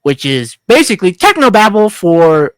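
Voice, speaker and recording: Rambling, joking woman with a low voice. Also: sing-song, normal speed, no echo. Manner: rambling, jokey and crude, with many restarts. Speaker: podcast co-host. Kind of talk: casual film review chat.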